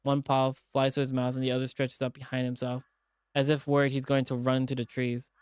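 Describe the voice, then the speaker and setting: Male streamer, dramatic game reading, mid pitch, dry close sound. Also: brisk, clear, resonant tone, no echo. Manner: dramatic reading, animated asides. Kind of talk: reading a visual novel aloud with voices.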